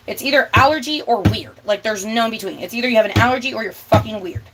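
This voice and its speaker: A young woman hosts a cooking vlog, ranting bluntly and swearing a lot as she chats casually and cooks. Her voice is fairly high and she talks fast, sometimes drawing words out for emphasis, with noise in the background.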